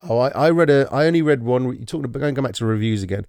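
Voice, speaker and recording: A man's voice: medium pitch, expressive, rapid-fire, creaky, a little mellow, clean tone, no echo, studio quality. A man who grew up in Britain, chatting casually as a podcast co-host, rambling through asides and laughing often. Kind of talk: casual chat.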